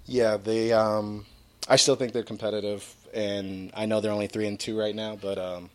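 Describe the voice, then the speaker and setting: Low-voiced, agreeable New England guy. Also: little pitch movement, normal speed. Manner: agreeable, echoes others' words. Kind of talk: casual sports chat.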